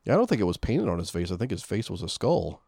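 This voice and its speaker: A man's voice: fairly low pitch, big pitch swings, fast, gravelly, dark tone, no echo. A man co-hosting a casual movie commentary podcast, talking hesitantly with many fillers. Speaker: podcast co-host.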